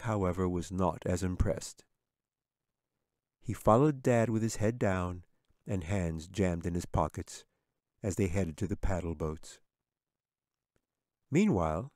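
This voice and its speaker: Low-voiced man narrating a storybook. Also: no echo, studio quality. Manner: measured, steady storytelling. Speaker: author reading his own book. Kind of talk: audiobook narration.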